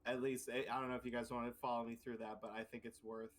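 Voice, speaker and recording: A man's voice: medium pitch, little pitch movement, rapid-fire. A man playing a tabletop game, eagerly talking through his plans with the group. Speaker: player. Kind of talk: casual tabletop play.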